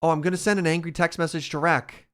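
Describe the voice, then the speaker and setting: A man's voice: a little high, steady tone, quick pace, a bit bright. A man casually commenting as he streams a building game, chatty and playful, talking to his chat.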